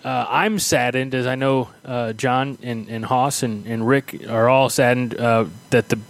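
A man hosting a podcast from home, chatting casually and rambling with many pauses and fillers. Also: mid-range voice, steady tone. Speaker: podcast host. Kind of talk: casual chat.

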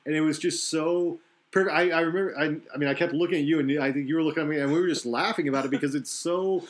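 A man's voice: a little high, very fast. A man hosting a podcast, chatting casually in long rambling runs that restart and correct themselves. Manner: rambling, self-correcting analysis. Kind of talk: casual wrestling chat.

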